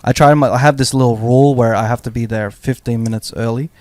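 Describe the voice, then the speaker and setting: A man's voice: medium pitch, steady tone, fast talker, a little mellow, dry recording. A man co-hosting a casual podcast, telling stories in a rambling way with many restarts. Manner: rambling, frequent restarts, storytelling. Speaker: podcast co-host.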